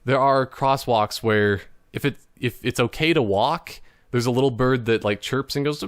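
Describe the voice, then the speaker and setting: A young man from Canada chats alone into a desk mic about his weekend, rambling and laughing often. His voice is smooth and clear, sitting at a middle pitch for a man. The sound is dry and close, with no room around it. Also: moderate pace, no room sound. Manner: rambling, laughs often, slips into playful impressions. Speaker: podcast host. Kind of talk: casual solo chat. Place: indoors at a computer.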